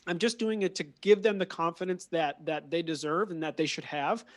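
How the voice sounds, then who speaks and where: High-voiced man telling lively stories. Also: moderate pace, no room sound. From Minneapolis, USA. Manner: lively storyteller who acts out quoted dialogue; frequent word repetitions and restarts. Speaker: audio technician guest. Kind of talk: conversational interview.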